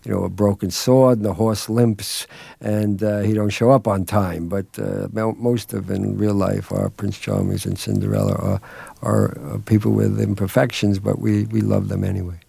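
A man's voice: lowish voice, level tone, moderate pace, gravelly, mellow, slightly rough, dry recording. A middle-aged man being interviewed as a film director, rambling through anecdotes in a self-deprecating way and chuckling often, in a dry radio studio. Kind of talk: relaxed anecdotal interview talk.

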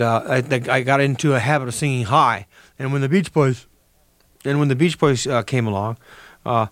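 An older man talking as a radio interview guest, halting and restarting, with many fillers. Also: medium pitch, fairly bright tone, dry recording.

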